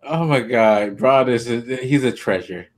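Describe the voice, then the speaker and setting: A man's voice: mid-range voice, measured pace. A man co-hosting a podcast, chatting casually about wrestling, swearing freely and laughing often. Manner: laughing, profane, animated impressions. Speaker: podcast co-host.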